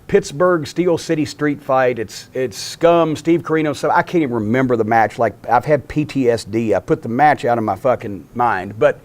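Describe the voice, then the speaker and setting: Older man, high-pitched voice, rapid-fire swearing, animated storytelling, acts out what people said. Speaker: wrestling promoter telling stories. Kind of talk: profane storytelling monologue.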